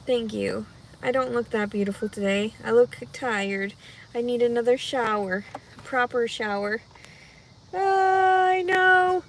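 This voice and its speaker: A heavily pregnant woman chatting casually with viewers on a livestream, rambling and anxious, her voice jumping into loud high cries when she gets upset. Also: steady tone, measured pace, slight background noise. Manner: rambling, talks through her worries out loud. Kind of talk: casual live chat.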